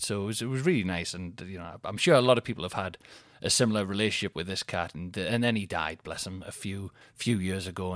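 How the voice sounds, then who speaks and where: A man's voice: fairly low pitch, no echo, clean studio sound. A man, telling rambling comic stories as a podcast host and often laughing at himself. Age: 30s. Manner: chatty, rambling, laughs at his own stories. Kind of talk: casual storytelling monologue.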